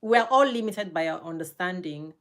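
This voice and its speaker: A middle-aged woman speaking as an interview guest, talking emphatically and laughing often, with her voice jumping high when she gets animated. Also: normal speed. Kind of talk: emphatic casual interview talk.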